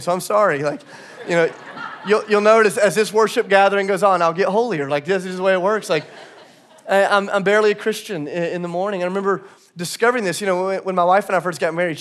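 His voice is high-pitched and a little bright. Preaching as a pastor, he shares a funny story from his own life and works up to an impassioned, repeated refrain.

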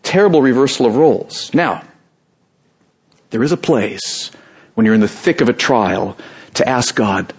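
A middle-aged man preaching a sermon as pastor, earnest, climbing to emphatic peaks and dropping soft and low when he voices prayers. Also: sing-song, unhurried, vocal fry, pauses often, breathy edge.

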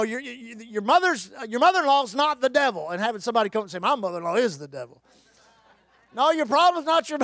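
A man's voice: very high voice, fairly bright tone, no room sound, clean studio sound. A man preaching a sermon, emphatic and calling on the congregation to answer back. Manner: emphatic, calls for congregation response.

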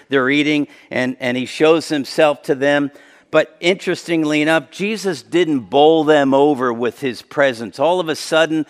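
A man delivers a sermon in a conversational, explanatory way, his fairly high voice jumping up for emphasis and then dropping low and quiet. Long reverb from a large hall trails behind his words. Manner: conversational preaching with sudden emphatic rises and soft drops. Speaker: pastor.

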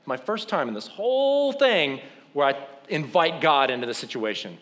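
A man's voice: a little high, moderate pace. A man preaching, telling a funny, self-deprecating story and acting out what people said. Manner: animated, self-deprecating, acts out quotes. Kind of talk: humorous sermon storytelling.

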